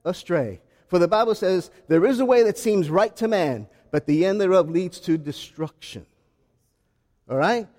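Man, pastor, preaching, high voice, very lively pitch, hushed asides to shouts. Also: big-room sound. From South Carolina. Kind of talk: sermon.

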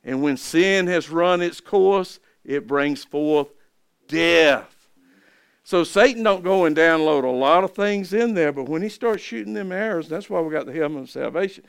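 A middle-aged man preaches in a smooth, fairly high voice, folksy and full of repeated words. His delivery swells loud on key phrases and falls soft at line ends. The sound is close and dry. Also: animated, normal speed, no echo. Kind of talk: sermon.

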